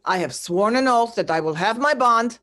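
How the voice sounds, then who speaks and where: A woman reading the part of a bitter male moneylender in an unrehearsed play reading, insistent, with sudden jumps in pitch. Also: animated, moderate pace, a bit bright. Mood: unyielding.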